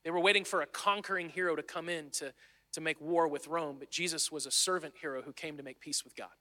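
In a fast, pushed, bright voice that's a little high and steady in tone, a man delivers a sermon. His manner is earnest and conversational, with occasional restarted phrases, heard through long hall reverb.

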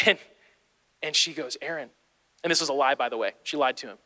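A man's voice: mid-range voice, rapid-fire. A man in his thirties, a pastor preaching a sermon, telling a personal story and building to urgent encouragement. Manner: storytelling, animated, rising to urgent exhortation. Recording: long hall reverb.

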